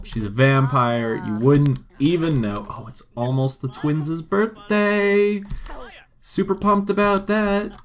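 A man giving casual, joking gameplay commentary and talking to the game characters as he plays. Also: medium pitch. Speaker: gameplay video host.

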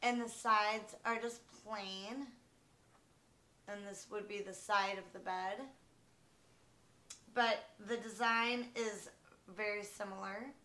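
Slow-talking woman vlogging in an echoey bedroom. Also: mid-range voice, fairly even intonation, bright, forceful tone. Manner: unhurried, with frequent ums and restarts. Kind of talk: casual home show-and-tell vlog. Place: bedroom at home.

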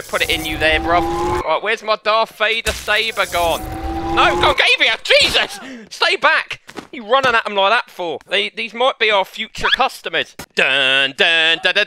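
A man commenting as he plays a VR game, laughing and shouting often, with music playing behind him. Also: high voice, very noisy. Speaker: gaming YouTuber.

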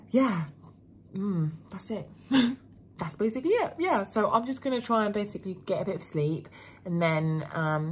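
A woman's voice: fairly low pitch, a little hiss or hum. A young woman, rambling candidly in a casual vlog, full of fillers and swearing. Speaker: vlogger.

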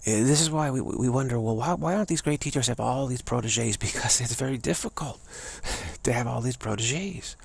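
Raspy gravelly guy rambling thru a talk, lots of restarts. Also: medium pitch, moderate pace. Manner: rambling, many restarts and stammers, laughs often. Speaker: spiritual teacher. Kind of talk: casual spoken talk.

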